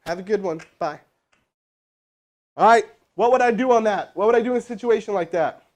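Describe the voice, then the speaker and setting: Energetic man running a sales lesson. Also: sits high, brisk. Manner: energetic, joking, talks to chat. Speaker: sales trainer. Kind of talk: live teaching session with role-played calls.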